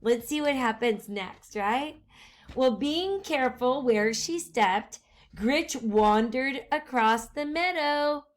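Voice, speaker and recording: A woman teacher reading a picture book aloud to her class, animated and full of questions for the children, with hushed asides. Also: high-pitched, takes it slowly.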